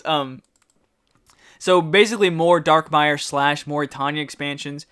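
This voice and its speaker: Brief: upbeat male podcast co-host, a bit high, bright tone, giggly, stumbles on words. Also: measured pace, clean tone. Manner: laughs often, stumbles over words. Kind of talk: casual gaming podcast chat.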